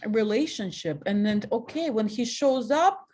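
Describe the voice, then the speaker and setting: A woman in her forties from Russia with a Russian accent, telling frank personal stories as a guest, animated and laughing at herself. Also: a little high, moderate pace. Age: 40s. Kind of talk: candid personal storytelling.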